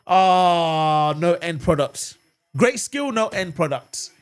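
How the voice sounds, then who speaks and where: Excitable football fan reacting live. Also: male voice, a little high, slow pace. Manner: animated, swings between calm chat and outraged shouting at the referee; reads and answers viewer comments. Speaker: fan channel host. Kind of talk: live match watchalong reaction.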